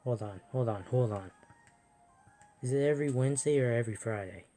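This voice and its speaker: A soft-spoken person musing aloud while playing a video game, often self-deprecating. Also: mid-range voice, a little fast, soft background music. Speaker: let's play host.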